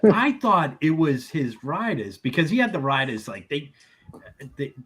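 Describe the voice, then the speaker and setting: A man's voice: fairly high pitch, sing-song, measured pace, a bit bright, slightly rough. A man hosting a casual podcast, joking and laughing a lot as he asks his co-host questions. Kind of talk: casual chat.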